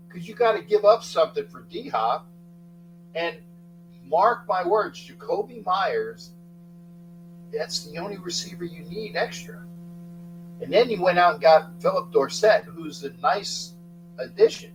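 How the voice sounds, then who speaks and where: A middle-aged man hosting a casual sports talk livestream, rambling, thanking chatters by name and breaking into sudden loud outbursts. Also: fairly high pitch, expressive, unhurried, pauses often, slight background noise, rough recording. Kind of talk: casual live chat with viewers.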